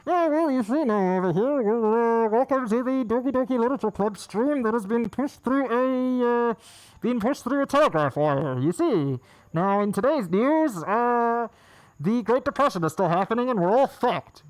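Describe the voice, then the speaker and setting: A woman's voice: medium pitch, expressive, fairly quick, a little mellow, pitched above the performer's own voice, lightly acted, rough recording. A woman putting on a rambling old-timey male radio announcer with a folksy drawl full of filler words.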